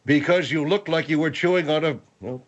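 A man's voice: on the high side, fairly quick, highs cut off, natural voice. A man voicing a stiff, formal older man who over-explains himself, in a radio comedy bit. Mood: stuffy. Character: pompous long-winded older man, the General.

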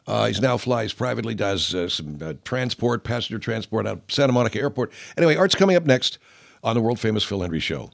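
A man's voice: fairly low pitch, lively intonation, quick pace, vocal fry. A man hosting a comedic radio talk show, rambling and reminiscing. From Southern California.

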